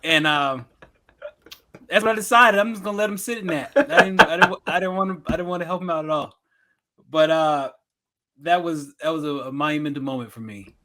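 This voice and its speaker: A man's voice: on the high side, a little fast, sharp tone. A man co-hosting a podcast, telling stories in casual banter and breaking into laughs. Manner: loose, joking storyteller who breaks into laughter. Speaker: podcast co-host.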